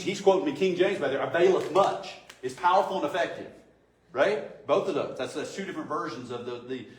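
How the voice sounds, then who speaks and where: Man preaching a casual, chatty sermon. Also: medium pitch. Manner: conversational, asks rhetorical questions. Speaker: pastor. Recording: echoey room, distant mic, faint noise.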